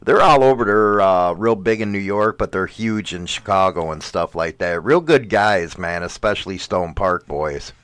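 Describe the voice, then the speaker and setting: A man's voice: sits low, moderate pace, hardly any pauses, fairly bright tone, smooth, dry recording. A man in casual chat who cuts in with blunt, profane remarks.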